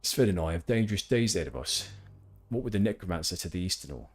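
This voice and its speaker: A man's voice: low-pitched, expressive, fast talker. Man doing a weary camp hunter. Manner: matter-of-fact quest-giver reading. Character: hardy male camp hunter, weary and practical.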